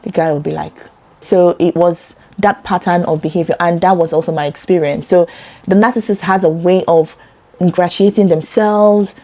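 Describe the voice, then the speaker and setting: A Nigerian woman talking earnestly to camera about a personal topic, getting animated when she quotes other people. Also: on the low side, moderate pace. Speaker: vlogger.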